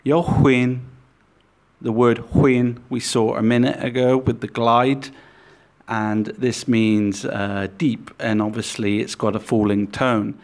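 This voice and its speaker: Slow, deliberate male language teacher. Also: medium pitch, fairly even intonation. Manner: slow, deliberate, repeating example words. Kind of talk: scripted language lesson.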